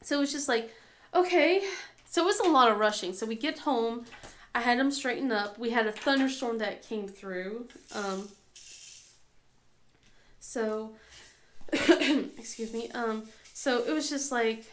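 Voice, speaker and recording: A woman's voice: on the high side, unhurried, long pauses. A woman in her thirties chatting casually as a crafting channel host, rambling through a story with many fillers and a cough now and then. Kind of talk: casual chat. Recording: echoey room.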